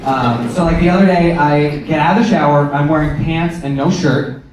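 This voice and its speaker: A man in his thirties doing a stand-up comedy set, sarcastic with deadpan asides and sudden acted-out voices. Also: a little high, moderate pace, slight background noise. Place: comedy club stage, from far off. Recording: roomy club sound, distant mic, crowd laughter.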